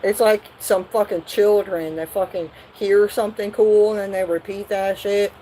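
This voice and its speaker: A woman's voice: medium pitch, little pitch movement, normal speed, mellow, a little hiss or hum, rough recording. A woman doing a live tarot reading, talking bluntly and profanely in a rambling way. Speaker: tarot reader.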